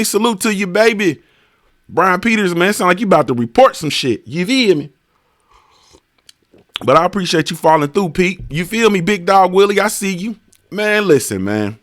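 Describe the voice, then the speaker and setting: A man's voice: high voice, lively intonation, a little fast, fairly bright tone, no echo, studio quality. A man hosting a casual livestream, greeting viewers by name in a laid-back, slangy, sing-song way. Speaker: livestream host.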